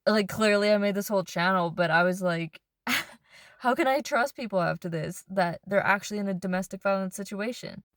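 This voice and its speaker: A woman's voice: medium pitch, normal speed, no echo. Woman rambling a storytime in her car, says like a lot, dry close sound. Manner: chatty, fills speech with "like". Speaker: vlogger. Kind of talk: casual storytime. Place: inside a car.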